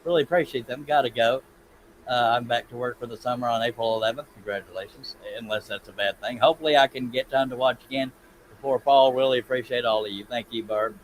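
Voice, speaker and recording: A man hosting a casual live stream, folksy and quick to laugh, reading out chat messages. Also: medium pitch, slight background noise, poor audio. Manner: folksy, laughs often, reads chat aloud.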